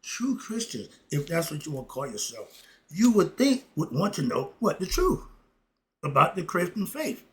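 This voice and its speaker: A man giving an unscripted opinion monologue to his viewers, fiery and emphatic, swinging from loud outbursts to muttered asides and chuckling between points. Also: fairly high pitch, big pitch swings, normal speed. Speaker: commentary vlogger.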